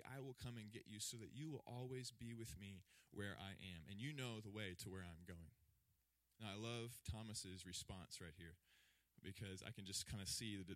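A man gives a sermon in a relaxed, conversational way, stumbling over and repeating words as he goes. He slips into animated, higher voices when acting out other people. The sound is dry and close, with no room echo. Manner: acts out disciples' voices with lively higher pitch. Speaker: pastor.

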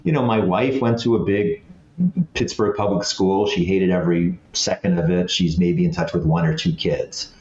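A man in his late fifties, once a head boy, speaks as a guest in casual conversation, his voice low-ish with a darkish tone. He tells stories in a chatty, self-deprecating way, restarting often. The recording is muffled and the room echoes.

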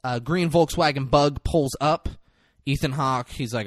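A man in casual chat, retelling a film scene with lively acted-out lines and plenty of swearing. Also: medium pitch, moderate pace, dry recording, studio quality. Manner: animated storyteller, acts out lines, swears freely.

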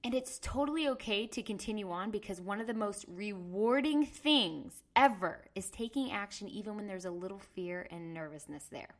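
A woman's voice: mid-range voice, normal speed, few pauses. A woman in her thirties hosting a podcast, talking earnestly through a personal story. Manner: earnest, storytelling, acts out her past self loudly. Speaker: podcast host. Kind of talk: casual monologue.

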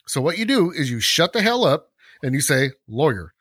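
A man co-hosting a podcast in casual chat, ranting with animated energy, acting out quick voices and laughing often. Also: fairly high pitch, slightly rough, no room sound, studio quality. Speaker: podcast co-host.

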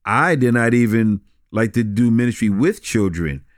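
A pastor, a man, talks through his memories in a relaxed interview. His speech halts and circles back on itself, with frequent laughter. The sound is dry and close, with no room echo. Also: medium pitch. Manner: halting, repeats words, laughs often. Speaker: pastor and guest. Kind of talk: casual conversational interview.

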